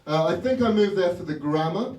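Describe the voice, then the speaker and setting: Wry British comedian in a roomy club. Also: male voice, sits high, lively intonation, a little fast, darkish tone. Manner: wry, teasing, asks the crowd rhetorical questions. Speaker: stand-up comedian. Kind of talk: stand-up comedy set. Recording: roomy club from a distance with audience laughter.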